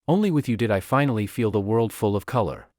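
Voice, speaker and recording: An obsessive young vampire woman speaks in a storybook recap, played by a male narrator in a dry close recording. She is clingy and devoted one moment, cold and possessive the next, and her declarations come out intense and lively. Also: on the low side, quick pace, no room sound, close to an everyday voice.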